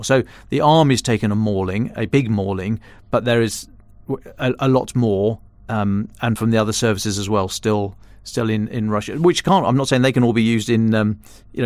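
Low-voiced man explaining military matters. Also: no room sound. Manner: explanatory, stops and restarts mid-phrase. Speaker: defence and security editor. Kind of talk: casual podcast analysis.

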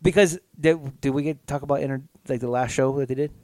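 A man's voice: mid-range voice, fairly even intonation, fast, a little mellow, no echo. A man co-hosting a podcast, telling a story in a casual, profane, joking way. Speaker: podcast co-host. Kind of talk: casual chat.

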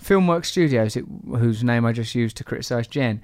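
A man's voice: medium pitch, animated, moderate pace, darkish tone, dry recording, clean studio sound. A man hosting a podcast, teasing and rambling through asides between introductions. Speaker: podcast host. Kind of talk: playful podcast intro and banter.

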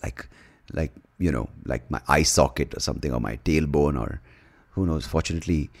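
A man's voice: a bass voice, fairly quick, gravelly. A man from India hosting a podcast, rambling through crude jokes with swearing and laughter. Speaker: podcast host. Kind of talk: casual podcast chat.

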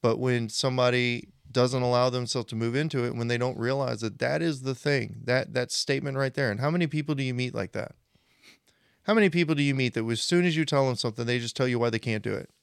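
A man's voice: mid-range voice, fast, gravelly, clear, resonant tone, dry recording, clean studio sound. A man in his forties co-hosting a podcast, chatting casually and acting out the people he quotes. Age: 40s. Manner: animated storytelling, acts out quoted people. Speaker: podcast co-host.

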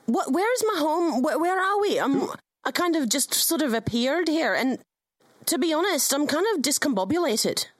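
A high-pitched woman rambles politely and apologetically while voicing her character in a tabletop game. Her pitch bounces around a lot, and the sound is close and dry. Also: expressive, moderate pace, dry recording. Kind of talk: in-character role-play.

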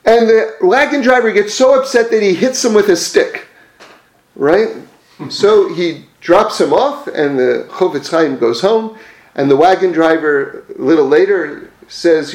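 A man's voice: high voice, a little slow, a little mellow, reverberant. A man telling religious teaching stories in a conversational way, with frequent fillers and self-corrections. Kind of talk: storytelling religious lesson.

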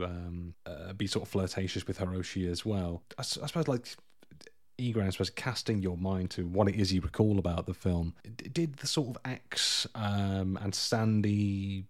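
A man's voice: low voice, moderate pace. A man co-hosting a podcast, chatting casually about a film in a rambling, self-deprecating way with frequent laughter. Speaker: podcast co-host.

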